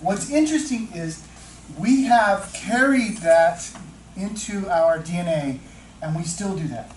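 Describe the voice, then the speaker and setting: A man leading a teacher-mentoring workshop, chatting with the audience, asking questions and slowing down to stress key points. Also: sits high, expressive, a little hiss or hum. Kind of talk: interactive workshop talk. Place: training room with audience. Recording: echoey room, distant mic, faint ambience.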